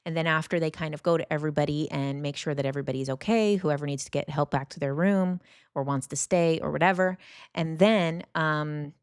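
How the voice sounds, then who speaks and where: Low-voiced woman telling a rambling story. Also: a little fast, clean tone, no room sound, clean studio sound. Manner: rambling, with many fillers and restarts; animated when acting out reactions. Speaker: podcast host. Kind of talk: casual storytelling monologue.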